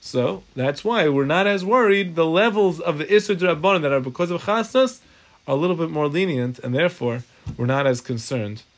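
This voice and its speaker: A man teaching a class on Jewish law, lively and informal, mixing English with Hebrew and Aramaic terms and acting out little voices for his examples. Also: mid-range voice. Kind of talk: animated Torah class lecture.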